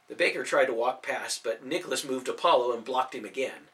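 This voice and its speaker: A man narrating a storybook audiobook in an expressive, animated reading. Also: mid-range voice, a little fast, few pauses.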